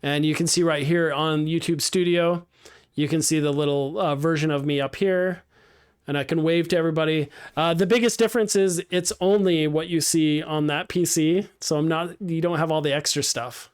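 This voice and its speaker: A man teaching a game streaming class live, walking through software setup in a casual, upbeat way with many ums and restarts. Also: a little high, fairly even intonation, moderate pace, smooth.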